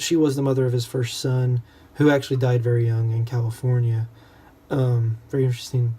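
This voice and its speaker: A man's voice: mid-range voice, mellow, breathy edge. A young man in a casual, rambling book discussion, full of self-deprecating asides. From United States.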